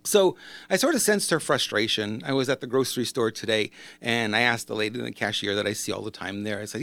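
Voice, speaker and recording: A man's voice: on the low side, a little fast, gravelly, a bit bright, no echo. A man talking casually as a business coach, rambling and conversational, often correcting himself as he goes. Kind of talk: casual monologue to camera.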